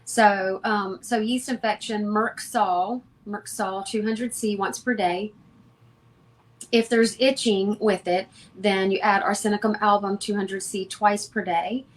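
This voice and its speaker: A woman speaking as a homeopath guest in an interview, giving advice in a calm, matter-of-fact, instructive way. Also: mid-range voice, measured pace.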